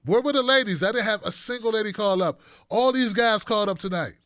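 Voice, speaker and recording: A man's voice: high-pitched, fast talker, fairly bright tone, no echo, clean studio sound. A man hosting a live show, reading out viewer donations and comments in a loose, joking way, laughing often. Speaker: host. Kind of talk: casual livestream chat reading donations.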